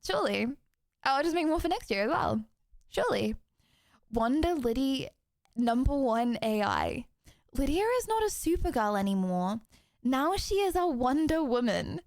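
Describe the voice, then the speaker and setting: A woman's voice: high-pitched, very animated, normal speed, a little mellow, dry recording, studio quality. A young woman from Texas streaming live, chatting with her viewers in a giggly, casual way, with music playing behind her. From Houston, Texas. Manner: giggly, chatty, talks to chat. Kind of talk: casual livestream chat. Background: background music.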